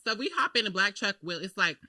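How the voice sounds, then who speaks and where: A woman's voice: medium pitch, animated, fast, pushed and bright, dry recording. A young adult woman co-hosting a podcast, telling playful stories in casual chat. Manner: playful, laughing storyteller. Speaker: podcast co-host.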